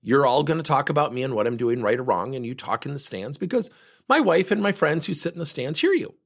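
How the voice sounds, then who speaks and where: A middle-aged man giving a motivational talk as a former coach, telling stories in an animated way and acting out the people in them. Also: medium pitch, quick pace, gravelly. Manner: animated storytelling, acting out quotes.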